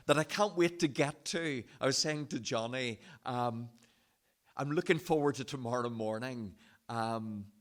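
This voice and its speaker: A man's voice: mid-range voice, a bit bright. A man preaching a sermon in a church, passionately voicing the prophet's complaint to God.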